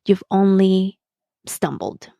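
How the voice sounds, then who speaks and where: A woman's voice: medium pitch, slow, gravelly, mellow, no echo, clean studio sound. A woman hosting her podcast, reflecting in a thoughtful way and slipping Spanish words into her English. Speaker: podcast host. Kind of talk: reflective solo podcast talk.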